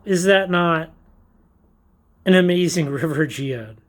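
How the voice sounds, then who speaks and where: A man's voice: a little high, slow. A man hosting a casual show-and-tell vlog who talks in a chatty, enthusiastic way, with frequent ums and little laughs. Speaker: rockhounding channel host.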